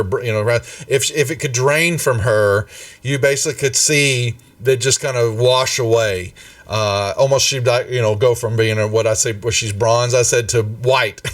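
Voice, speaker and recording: Slow, rambling man as game master. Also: mid-range voice, a bit bright, no echo, far from the mic. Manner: rambling, halting with fillers. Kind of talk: narrating a tabletop game.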